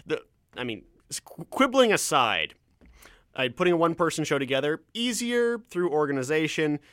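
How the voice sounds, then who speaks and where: Speaking at a normal speed in a slightly high, sing-song, fairly bright voice, a Canadian podcast host from Ontario chats casually on his own. He wanders off on tangents, often restarts and stammers a little. The studio-quality recording has no echo.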